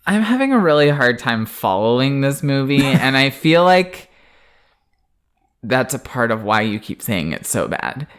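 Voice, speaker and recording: A podcast co-host reacts to a movie recap with amused laughter and puzzled questions. The speech is slow and drawn out, and the pitch rises and falls freely. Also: sing-song, a bit bright, smooth. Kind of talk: casual podcast chat.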